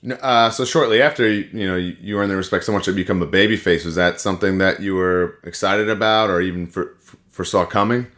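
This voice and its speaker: A man hosting a podcast, asking relaxed, leading questions in casual interview chat. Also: low-pitched, fast talker. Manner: relaxed, leading questions with lots of "you know". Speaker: podcast host.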